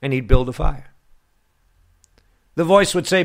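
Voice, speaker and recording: A man preaching a sermon to his listeners, slow and emphatic, with long pauses. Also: fairly high pitch, vocal fry. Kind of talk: radio sermon.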